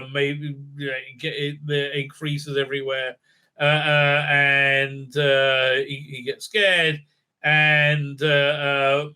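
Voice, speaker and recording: A man reviewing a TV episode in a sarcastic, profane rant, halting with many fillers. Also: fairly high pitch, sharp tone, clear, resonant tone. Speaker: TV show reviewer. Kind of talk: ranting recap and review.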